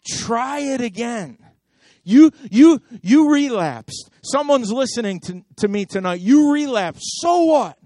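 A man preaching a sermon as pastor, impassioned and repetitive, swinging between loud exhortation and hushed intensity. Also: very high-pitched, animated, takes it slowly, dry recording, studio quality. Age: adult.

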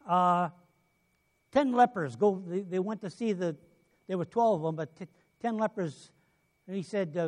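Male preacher, high voice, storytelling sermon, loud bursts and soft asides. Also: normal speed, long pauses. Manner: storytelling, acts out quoted voices, loud bursts then drops quiet.

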